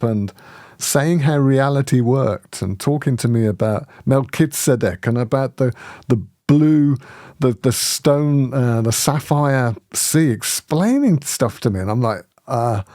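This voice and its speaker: A man hosting a spiritual community, telling a personal story in lively conversation, often laughing and restarting his sentences. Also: mid-range voice, no room sound, studio quality.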